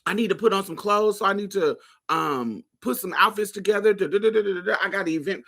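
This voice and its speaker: A woman from Indiana hosting a podcast, telling personal stories in a casual, profane, animated way and laughing often. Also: mid-range voice, fast, vocal fry. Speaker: podcast host. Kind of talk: casual storytelling monologue.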